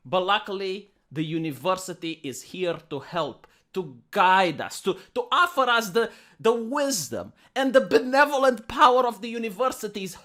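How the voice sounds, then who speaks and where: A man with a Romanian accent doing sarcastic news commentary, mock-outraged and swinging between loud outbursts and hushed asides. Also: sits high, expressive, normal speed. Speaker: commentary host.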